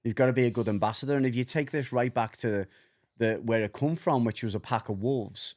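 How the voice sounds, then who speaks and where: Speaking a little fast in a mid-range, slightly mellow voice, this middle-aged dog trainer rambles through casual podcast chat as a co-host. He laughs a lot and tends to say things more than once.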